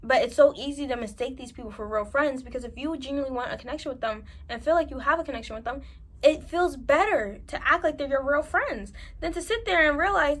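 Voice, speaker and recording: A woman's voice: high voice, animated, fast. A woman with a New York accent giving candid, emphatic advice straight to camera and repeating her points for stress. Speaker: advice vlogger.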